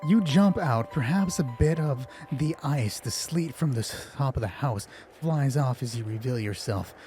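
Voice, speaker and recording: A man's voice: mid-range voice, lively intonation, normal speed, mellow, faint music behind. A man running a tabletop game on a live stream as game master, joking and mocking himself, a little nervous. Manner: joking, self-mocking and chatty. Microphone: headphones on, streaming from home.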